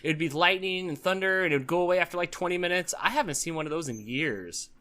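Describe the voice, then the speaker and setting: A man's voice: fairly high pitch, quick pace, bright, forceful tone. A man co-hosting a podcast, chatting casually with a playful, jokey manner. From California. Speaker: podcast co-host. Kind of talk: casual chat.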